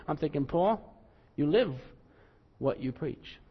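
A man's voice: a little high, animated, a little slow, long pauses, breathy edge. A man preaches to his congregation in a loose, conversational way, poking fun at himself. He punches up quoted lines with growing force. The recording sounds muffled and rings with a long hall echo. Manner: conversational, self-deprecating, acts out quotes with rising emphasis. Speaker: pastor. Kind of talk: sermon.

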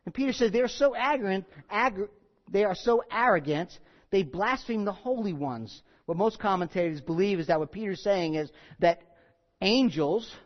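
Animated high-voiced male preacher. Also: moderate pace, lo-fi sound. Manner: animated, reads scripture with rising force and wry asides. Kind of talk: sermon.

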